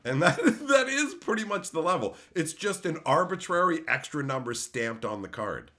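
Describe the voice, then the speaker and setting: A man hosting a livestream, chatting casually with his viewers. His voice is bright and forceful and swings widely in pitch. He talks bluntly, swears freely and breaks into loud outbursts. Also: big pitch swings, normal speed. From Canada. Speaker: streamer host.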